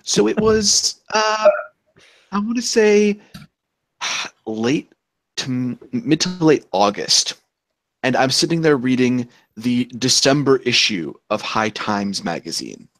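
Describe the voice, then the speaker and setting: A man hosting a casual podcast chat, telling anecdotes in an animated way, swearing casually and jumping up in pitch on punchlines. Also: takes it slowly, no echo. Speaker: podcast host.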